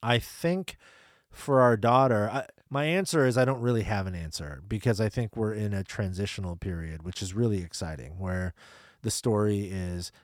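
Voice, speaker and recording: Middle-aged man, low voice, earnest and reflective, dry close sound. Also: normal speed, no echo. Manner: reflective, earnest, with frequent "you know". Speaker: parent and co-host discussing faith. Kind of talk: casual conversation.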